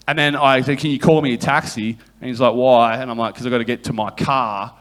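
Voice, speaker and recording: A man's voice: medium pitch, steady tone, fairly bright tone. Profane man telling a story. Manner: profane, rambling anecdote-telling with quick voiced quotes. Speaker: guest comedian. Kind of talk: live comedy podcast storytelling.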